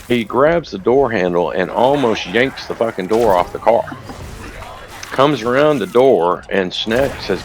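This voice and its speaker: A man's voice: lowish voice, normal speed, a little hiss or hum. A man casually retelling a story while gaming, rambling and profane. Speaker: gamer recounting a news video.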